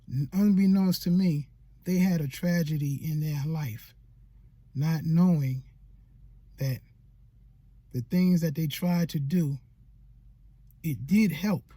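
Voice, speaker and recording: A high-voiced man with a husky, breathy tone talks through a painful memory in a vlog. He sounds tearful, colloquial and heartfelt, circling back over his words. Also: warm tone, no echo. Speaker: YouTube creator. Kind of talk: emotional personal storytelling vlog.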